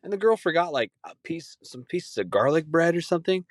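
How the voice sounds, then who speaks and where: A man's voice: fairly high pitch, very animated, a little fast, no room sound, clean studio sound. A young man casually telling rambling stories on a podcast, swearing often and mimicking the people in them. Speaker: podcast host. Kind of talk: casual storytelling chat.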